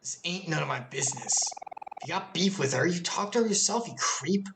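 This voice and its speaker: A woman voicing a mean teenage boy bully, low and sneering, in a game playthrough. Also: lively intonation, fairly quick, creaky, background noise.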